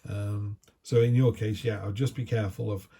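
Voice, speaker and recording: A middle-aged man gives a chatty, down-to-earth tarot reading in a low, gravelly voice with a warm, mellow tone. A faint hiss sits behind him. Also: steady tone, moderate pace. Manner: chatty, down-to-earth, acts out little quoted asides. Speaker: tarot reader.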